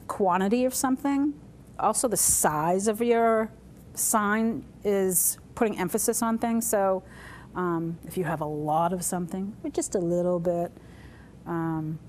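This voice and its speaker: A woman teaching a sign language class, talking through each sign as she shows it, with pauses and fillers. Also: medium pitch, darkish tone, a little hiss or hum. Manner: demonstrative, talks through signs with pauses and fillers.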